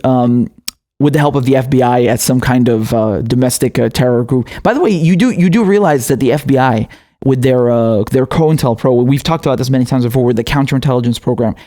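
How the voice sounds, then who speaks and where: A man's voice: mid-range voice, darkish tone. A young man hosting political commentary, indignant and profane, often laughing.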